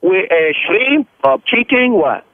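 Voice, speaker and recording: A man's voice: very high voice, expressive, unhurried, creaky. A man with a Spanish accent, a native Spanish speaker, takes a phone order as a restaurant worker, impatient and exasperated, slipping Spanish words into his English. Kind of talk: phone call. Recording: tinny phone line.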